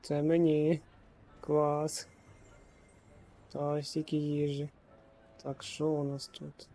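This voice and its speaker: A man's voice: fairly high pitch, monotone, takes it slowly, dark tone. A man from Ukraine giving casual let's-play commentary, joking and muttering reactions to the game. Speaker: gaming streamer.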